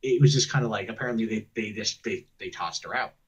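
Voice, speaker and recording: A man's voice: on the low side, quick pace, slightly rough. A man telling a long story on a call in a rambling, profane way, often mimicking what others said. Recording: muffled distant secretly recorded call.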